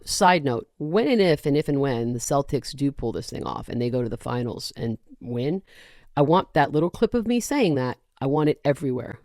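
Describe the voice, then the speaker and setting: A woman hosting a podcast in casual chat, animated and sarcastic, often breaking into rants. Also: sits low, dry recording, studio quality. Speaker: podcast host.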